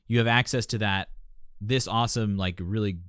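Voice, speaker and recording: A vocal coach with a lowish, clear, resonant voice reacts on a live stream at a moderate pace. His commentary is passionate and joking, with animated teaching. The sound is clean studio quality with no echo.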